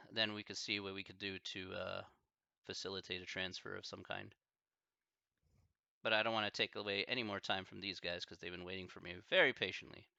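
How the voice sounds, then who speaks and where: A man, a math instructor on a live stream, talking casually and haltingly, thinking aloud with many fillers. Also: fairly low pitch, vocal fry, sharp tone, clean tone, no room sound, highs cut off.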